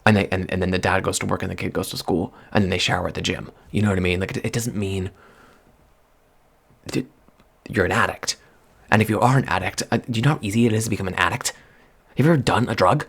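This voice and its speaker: A man rambling in soft-spoken ASMR chat at a close microphone, drifting from hushed murmurs to excited outbursts. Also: sits low, fast talker, vocal fry, long pauses, slightly rough. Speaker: vlogger.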